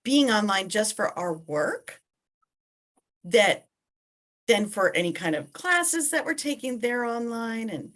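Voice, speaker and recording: A woman hosts a casual panel talk in a slightly high voice. She speaks in a loose, chatty way. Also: animated, slow, fairly bright tone. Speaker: host.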